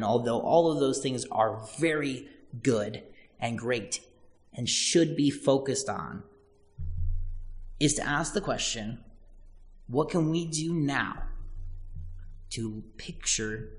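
A man preaching a sermon as pastor, earnest and repetitive, building points through repeated phrases. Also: medium pitch. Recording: long church-hall reverb.

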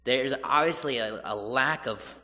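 A man's voice: mid-range voice, a little slow, bright, forceful tone, big-room sound. A male preacher retelling scripture in a conversational sermon, with casual asides. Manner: conversational, paraphrases with asides and chuckles.

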